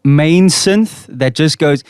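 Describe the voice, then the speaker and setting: A man's voice: a little high, slow, darkish tone, clear, resonant tone, dry recording, clean studio sound. A man from South Africa co-hosting a casual podcast, telling stories and laughing often. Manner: storytelling, laughing often, says bro a lot. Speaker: podcast co-host. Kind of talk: casual chat. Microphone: studio mic.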